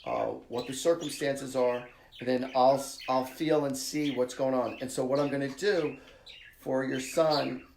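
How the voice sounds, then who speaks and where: A man hosts a live psychic reading and talks to his viewers in a chatty, blunt way. His voice sits at an ordinary middle pitch. The sound is roomy and echoey. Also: steady tone, a little slow, a little mellow, a little hiss or hum. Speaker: psychic medium host. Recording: echoey room.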